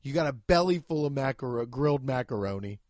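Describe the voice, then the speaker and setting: A man's voice: mid-range voice, expressive, brisk, a little mellow, dry recording. A man in his thirties hosting a podcast, with a profane, mocking comedic rant. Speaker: podcast host.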